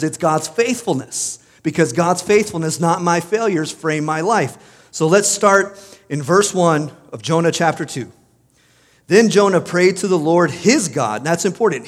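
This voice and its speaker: A middle-aged man preaching a sermon as pastor, conversational, with vivid asides and acted-out examples. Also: on the high side.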